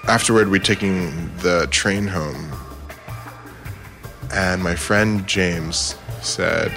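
A man's voice: low voice, fairly even intonation, measured pace, bright, forceful tone, faint music behind. A man telling a personal anecdote casually, rambling with many fillers and laughing at himself. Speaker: storyteller.

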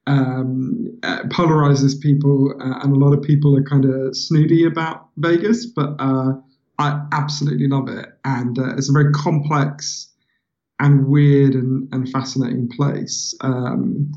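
A man from England with a London accent, a guest author in a casual interview, telling stories in an animated, chatty way and laughing often. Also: mid-range voice, a little slow, lo-fi sound. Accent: London English.

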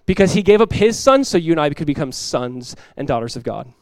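A male pastor delivers an animated sermon, moving between fast asides and acted-out voices from the story. His voice sits a little high for a man. The sound is dry and close, with little room around it. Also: no echo. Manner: animated preaching, acts out quoted voices, laughs. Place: church.

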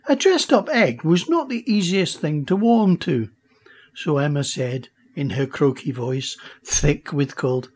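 A man reading a children's story aloud, expressive and unhurried. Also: fairly high pitch, husky. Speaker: audiobook reader. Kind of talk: storybook narration.

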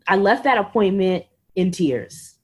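A woman in her thirties, a podcast guest telling her own story in an animated, exasperated way. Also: medium pitch, measured pace. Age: 30s. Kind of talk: conversational storytelling.

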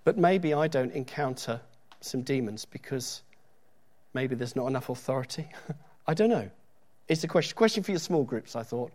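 A man's voice: mid-range voice, animated, normal speed, darkish tone. A middle-aged man preaching a sermon in a church, talking conversationally with joking asides and reading scripture aloud with emphasis.

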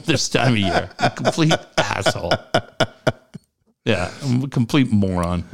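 Animated storytelling man, lively pitch. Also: moderate pace, creaky. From Southern California. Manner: animated storyteller, swears, laughs at himself. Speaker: podcast co-host. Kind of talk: casual chat.

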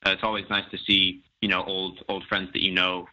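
A young man with an American accent with some British influence, giving modest, halting interview answers full of fillers, heard over a dull lo-fi line. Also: sits low, little pitch movement, pushed and bright. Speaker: guest professional soccer player.

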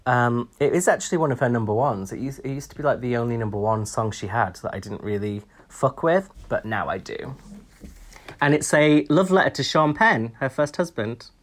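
A man co-hosting a podcast in casual, self-mocking, expressive chat. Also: mid-range voice, moderate pace. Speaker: podcast co-host.

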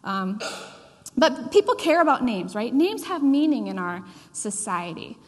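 A woman preaching a sermon in a conversational, animated way, with asides to the congregation. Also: on the high side, unhurried. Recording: long hall reverb.

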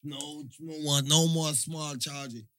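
Teasing podcast host. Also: male voice, fairly high pitch, steady tone, takes it slowly, fairly bright tone. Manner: teasing joker, puts on voices in his stories. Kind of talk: casual chat.

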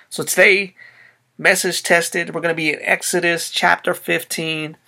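A man's voice: a little high, little pitch movement, unhurried, vocal fry, pushed and bright. A man preaching a sermon in a casual, conversational way, using slang as he retells a Bible story. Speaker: pastor.

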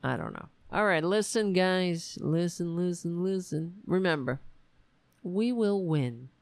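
Rambling and frustrated, this show host runs a casual livestream from home, sighing and swearing as she goes. Her voice is on the low side, expressive and creaky, at an unhurried pace, recorded dry.

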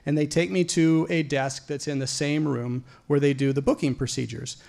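A middle-aged man telling a personal story live, wry and animated, rising to loud outbursts. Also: on the high side, normal speed, gravelly.

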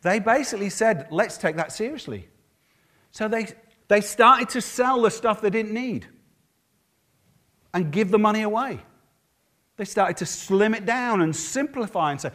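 High-voiced preacher, lively delivery. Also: male voice, normal speed. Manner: lively, acts out quotes of others. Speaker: pastor. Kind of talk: sermon.

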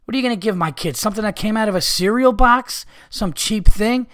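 A man's voice: high-pitched, a little fast, fairly bright tone. A man hosting a podcast, ranting heatedly with lots of swearing. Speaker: podcast host.

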